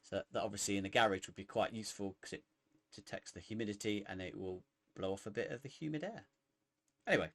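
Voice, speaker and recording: A man's voice: lowish voice, a bit bright, no room sound. A man co-hosting a podcast, chatting casually with many restarts and asides. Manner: halting, lots of restarts and asides. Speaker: podcast co-host. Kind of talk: casual chat.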